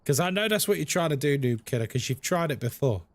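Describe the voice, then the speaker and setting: A man's voice: fairly high pitch, expressive, fast talker. A man streaming a game, chatting playfully and reading chat messages aloud. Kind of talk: casual live-stream chat.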